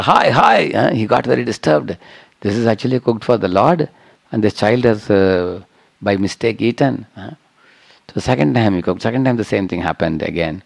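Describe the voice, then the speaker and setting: A man's voice: sits low, darkish tone, no echo. A man giving a devotional scripture lecture, telling a story and checking in with listeners with "huh?" and "hmm?".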